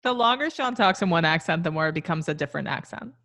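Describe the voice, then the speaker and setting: A woman co-hosting a podcast in casual chat, talking in a relaxed, matter-of-fact way. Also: on the low side, quick pace, no echo. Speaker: podcast co-host.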